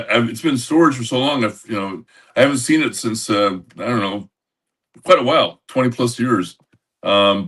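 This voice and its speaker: An older man co-hosting a podcast, telling a rambling anecdote with lots of halting restarts over a video call. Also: on the low side, a bit bright, distant mic. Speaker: podcast co-host. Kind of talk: casual storytelling.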